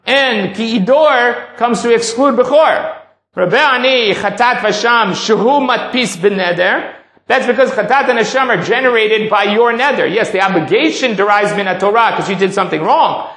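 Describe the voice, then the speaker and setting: A man's voice: sits high, normal speed, a bit bright. A man teaching a text-study class, reading a passage aloud and then explaining it step by step. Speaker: Talmud teacher. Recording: echoey room.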